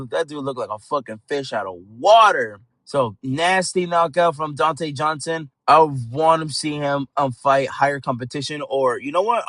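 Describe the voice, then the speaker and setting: A man's voice: on the high side, fairly bright tone, no echo. A man giving a casual fight recap as a channel host, talking in a heated, profane, rambling way.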